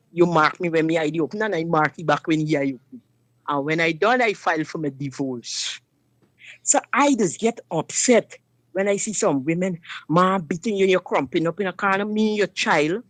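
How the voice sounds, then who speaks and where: A woman's voice: fairly low pitch, no echo. A woman tells a personal story on a talk show, speaking emphatically and turning often to the listener. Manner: emphatic dialect storytelling, addresses listener directly. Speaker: guest sharing personal story.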